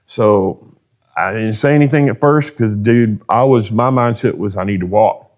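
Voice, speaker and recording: With a voice on the low side and a darkish tone, the man keeps a moderate pace. He races drag cars, hails from Texas, and tells his tale as a podcast guest in casual, rambling, folksy fashion, sprinkled with "dude" and quoted speech.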